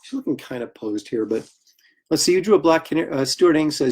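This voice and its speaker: A man hosting a livestream, chatting casually and telling animated anecdotes with laughter while he draws. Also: on the high side, fast, breathy edge. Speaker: comic artist hosting a livestream. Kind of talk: casual storytelling while drawing.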